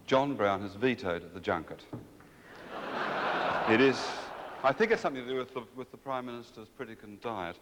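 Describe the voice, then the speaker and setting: A man's voice: medium pitch, expressive, moderate pace, very noisy. An Australian man hosting an awards night, delivering a dry, wry and satirical comic speech in a large banquet hall. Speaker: awards host. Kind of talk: comic after-dinner speech. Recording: reverberant hall with audience.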